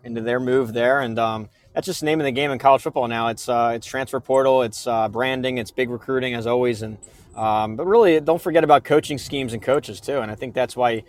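A man guest on a podcast, talking sports in a casual, earnest way with lots of fillers. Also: medium pitch. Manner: earnest, many fillers and restarts. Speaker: podcast guest, preview writer.

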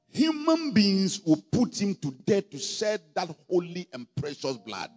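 A man preaching a sermon as pastor, emphatic and repetitive, building up to shouts. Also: sits high, expressive, moderate pace. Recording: long hall reverb, faint music.

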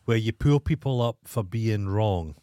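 A man's voice: on the low side, expressive, unhurried, mellow, no echo, studio quality. A Scottish man co-hosting a podcast, chatting casually with blunt, wry remarks. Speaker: podcast co-host. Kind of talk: casual chat. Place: studio.

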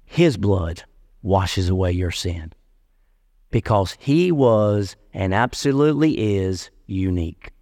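A man preaching a sermon as pastor, lively and casual, mixing slang and jokes into his teaching. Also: sits low, takes it slowly, in a large hall.

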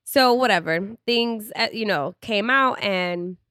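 A woman's voice: mid-range voice, slow, sharp tone, no room sound. Casting: young woman, candid chatty podcast co-host, close dry mic. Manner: candid, chatty, laughs often. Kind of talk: casual chat.

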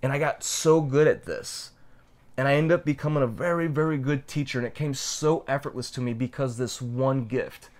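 A young adult man sharing a personal story as a podcast co-host, reflective and heartfelt, slowing down to stress key points. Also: mid-range voice.

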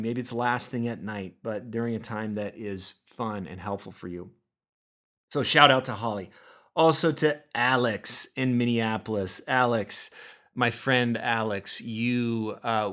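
A man's voice: medium pitch, a bit bright. Earnest Midwestern man hosting a podcast. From United States. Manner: earnest, encouraging, with many fillers. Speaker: podcast host. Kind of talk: casual spoken devotional podcast.

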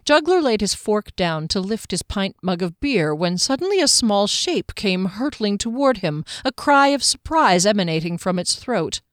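Woman narrator, audiobook, dry close sound, mid pitch. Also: normal speed, few pauses, dry recording. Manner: steady, clear storytelling. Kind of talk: audiobook fantasy reading.

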